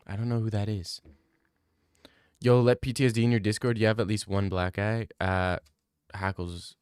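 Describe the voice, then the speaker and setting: A man's voice: lowish voice, little pitch movement, normal speed, darkish tone, clean tone, no echo, clean studio sound. A young man streaming, chatting casually and joking about fights while thanking donors. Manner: rambling, joking, many restarts. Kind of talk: casual stream chat reading donations.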